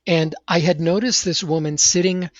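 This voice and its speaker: A middle-aged man, a guest on an interview show, telling a personal story in an earnest, animated way. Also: on the high side, moderate pace, no echo. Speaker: podcast guest. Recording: dry, slightly dull audio.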